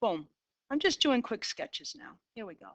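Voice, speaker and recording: In a classroom lecture, a middle-aged woman with a Boston accent teaches math, cheerfully talking herself through sketching graphs. Her voice sits on the high side, a bit bright, with big pitch swings at a normal speed. The recording is dull, lo-fi, and dry, with no room sound.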